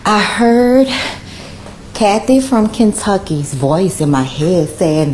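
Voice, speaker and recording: A woman's voice: medium pitch, animated, slow, dark tone, a little hiss or hum. Fervent praying woman. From New Orleans. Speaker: caller. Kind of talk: call-in spoken prayer.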